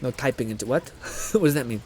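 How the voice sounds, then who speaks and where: A man's voice: medium pitch, expressive, fairly quick, a little mellow, slight background noise. A young man streaming live, chatting casually, reading chat aloud, laughing often and swearing freely.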